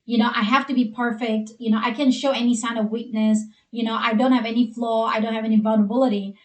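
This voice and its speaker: High-voiced woman with a Chinese accent. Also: fairly even intonation, quick pace, darkish tone, echoey room. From Asia. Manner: earnest, heavy use of "you know" fillers. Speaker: co-host. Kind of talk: advice talk for couples.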